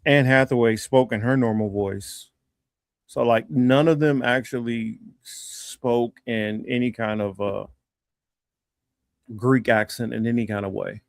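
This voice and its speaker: Gravelly dude rambling on a stream, lots of ums, dry close sound. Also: male voice, medium pitch, fairly even intonation, no echo. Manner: rambling, halting, many fillers. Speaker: livestream co-host. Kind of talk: casual chat.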